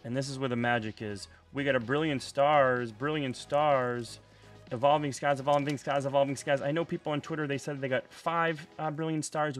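A young man chatting casually while opening trading card packs, excitable and prone to loud outbursts. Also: medium pitch. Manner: excitable, bursts into shouting and laughter over pulls. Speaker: card unboxing host.

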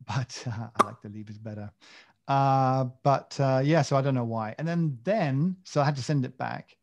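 A man with a mid-pitched, gravelly voice, chatting loosely on a podcast. He rambles and pokes fun at himself, with many fillers and restarts. His voice has a rough, crackly edge. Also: normal speed. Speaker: podcast co-host. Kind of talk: casual chat.

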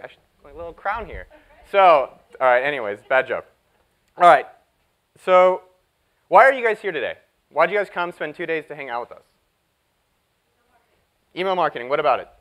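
A man giving a live conference talk, energetic and jokey as he hypes up the audience. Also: fairly high pitch, low-quality recording. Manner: energetic, jokey, hyping up the crowd. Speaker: keynote speaker.

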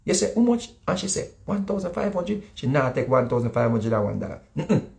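A Jamaican man spins a story in casual chat, his voice swinging up and down in lively leaps. His tone is gravelly. He repeats his words and acts out the people he quotes. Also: medium pitch, a little fast. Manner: animated, repetitive, acts out quotes. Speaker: guest speaker.

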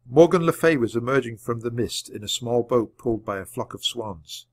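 Man reading a children's book, lively pitch. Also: no room sound. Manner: clear, measured reading. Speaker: storybook reader.

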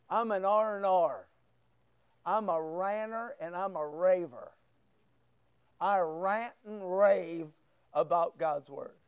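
Man, high voice, slow deliberate pace, fervent sermon delivery, clean dry sound. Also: a little mellow, clear, resonant tone, dry recording. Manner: fervent, emphatic preaching with rising bursts. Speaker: pastor.

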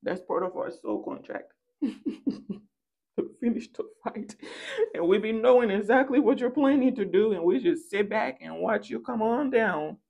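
A woman's voice: mid-range voice, phone-quality sound. A woman doing a casual tarot reading for her viewers, talking in a playful, sassy and theatrical way, with singsong rhymes and acted-out bits. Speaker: tarot reader.

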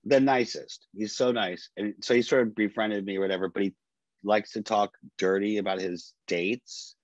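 A man co-hosting a casual podcast tells his stories in a lively way, swearing freely and acting out what people said. His voice sits fairly low. The sound is dry and a little dull, like a lo-fi recording. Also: moderate pace, no room sound. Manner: animated storyteller, swears freely, quotes people. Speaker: podcast co-host. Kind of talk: casual chat.

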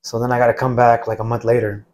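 A man in his forties, a veteran guest, recalling his past in a laid-back, halting way during a casual interview. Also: medium pitch, level tone, darkish tone.

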